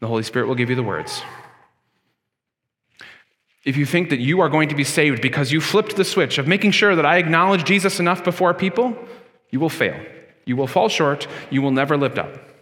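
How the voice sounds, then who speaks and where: A man preaching a sermon as pastor in a church, with a conversational manner that swings between loud emphasis and quiet moments. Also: on the high side, lively intonation, brisk, pauses often, long reverb tail. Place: church sanctuary.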